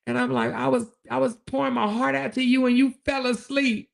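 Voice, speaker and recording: A woman hosts a relaxed livestream, reading viewer comments aloud and answering them. Her voice has a gravelly, fry-heavy edge. She laughs often and acts out both sides of her arguments. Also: sits high, a little fast. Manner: laughs often, calls listeners "child". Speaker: host of a live commentary show.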